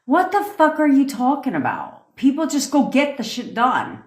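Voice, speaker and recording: A woman's voice: sits high, huge pitch swings, normal speed, darkish tone, roomy sound. A woman manifestation coach ranting sarcastically and profanely on a phone live stream. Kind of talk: TikTok live rant.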